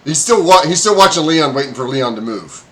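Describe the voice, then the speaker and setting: A man's voice: a little high, animated, a little fast, fairly bright tone. A man narrating a tabletop game as game master, hesitant with many fillers and frequent laughs.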